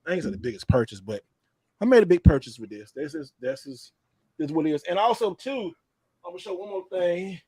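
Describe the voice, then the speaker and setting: A man hosting a podcast with a Texan accent, telling animated, slangy stories in casual chat and laughing often. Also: a little high, brisk, husky, no room sound, clean studio sound. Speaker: podcast host.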